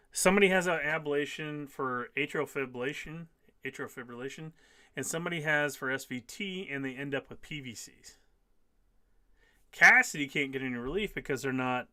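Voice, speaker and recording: Emphatic man in his fifties, bright voice. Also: mid-range voice, no echo, clean studio sound. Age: 50s. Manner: emphatic, repeats key phrases. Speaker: live stream host. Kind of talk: casual live stream, reading out viewer comments.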